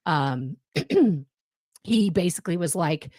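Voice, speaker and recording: A woman's voice: lowish voice, expressive, slow, darkish tone, dry recording, clean studio sound. A young adult woman chatting as a guest on a live stream from a home setup, rambling with many fillers and restarts. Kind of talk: casual chat on a live stream. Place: home room. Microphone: budget USB mic, home setup.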